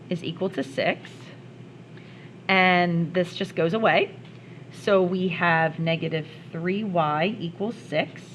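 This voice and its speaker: Math teacher walking through steps. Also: female voice, on the low side, a bit bright, a little hiss or hum, rough recording. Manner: step-by-step, talks herself through worked examples, playful asides. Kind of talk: recorded classroom lesson.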